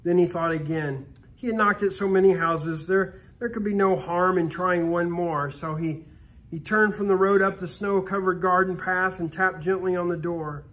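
A man reading a Christmas story aloud for a church, steady, with small restarts. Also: high voice, moderate pace. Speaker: story reader.

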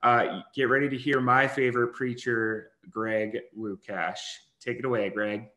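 A man's voice: medium pitch, level tone, a little slow, sharp tone. A man hosting an event, reading out a speaker's credentials in an upbeat, formal introduction. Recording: echoey room.

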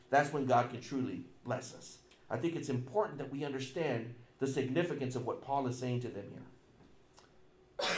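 Middle-aged male pastor, emphatic sermon delivery, slightly high voice, roomy church echo. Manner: emphatic preaching with repetition and sudden loud and soft swings.

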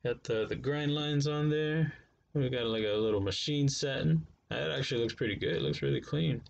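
A man's voice: medium pitch, lively intonation, normal speed, gravelly, lo-fi sound, a little hiss or hum. Laid-back slangy man reviewing knives. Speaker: knife reviewer. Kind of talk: casual unboxing vlog.

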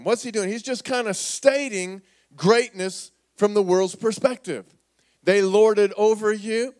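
A man pastor preaching a sermon in a church, animated and calling on the congregation to repeat words back. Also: high voice, unhurried. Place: church sanctuary.

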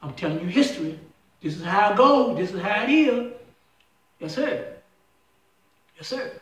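Preacher guy, high voice jumping all over, shouting questions at the crowd, sounds far off the mic. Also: animated, normal speed, long pauses. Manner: shouts and asks the crowd questions, then drops low. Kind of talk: fiery call-and-response sermon. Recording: echoey room, voice from off-mic.

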